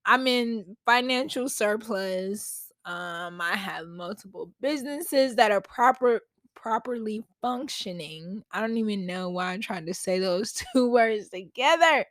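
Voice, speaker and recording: A woman's voice: medium pitch, unhurried, fairly bright tone, no room sound. A woman hosting a casual solo podcast from home on a podcast mic, chatty and slangy as she talks straight to her listeners. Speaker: podcast host. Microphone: podcast mic at a laptop.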